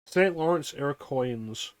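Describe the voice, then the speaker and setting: A man's voice: on the high side, lively intonation, no room sound. A man hosting a game stream, chatting casually and swearing as he jokes and reads things aloud. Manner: crude, joking, reads aloud haltingly. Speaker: streamer host. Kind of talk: casual chat while gaming.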